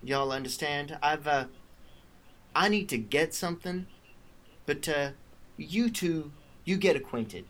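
A scheming baroness in a tabletop game, sweet-talking and sinister, as a man puts her on. She drawls her threats gently and calls her captive honey. The voice sits low and soft. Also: takes it slowly, pauses often, heavily acted. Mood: sly.

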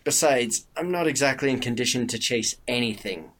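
A man's voice: moderate pace, fairly bright tone, natural voice. A man doing a cold, curt woman rogue. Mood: weary. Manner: low, terse threats.

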